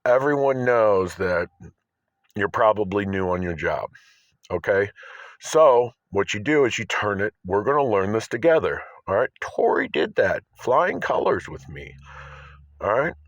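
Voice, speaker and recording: A man's voice: fairly low pitch, very animated, moderate pace, no echo, muffled recording. A man vlogging to camera, agitated and insistent, often asking "all right?". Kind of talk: rambling self-filmed monologue. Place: outdoors by his car.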